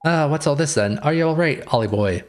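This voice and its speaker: A man's voice: a little high, lively intonation, a little fast, faint music behind, natural voice. Brief: brash, cheeky fairy sidekick from a game, done by a man reading the lines. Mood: blustering. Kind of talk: reading game dialogue aloud.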